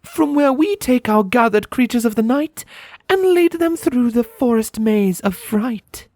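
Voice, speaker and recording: A wise, mystical zebra woman, as a man reading a storybook puts her on, chanting in rhyme. Her voice rides far above his own, drawn out and lively, recorded dry and close. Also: very high voice, unhurried, no room sound, voice pushed up. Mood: ominous. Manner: rhyming, chant-like.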